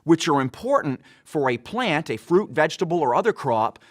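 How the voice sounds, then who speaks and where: Measured man narrating an explainer. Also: a little high, sing-song. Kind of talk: scripted narration.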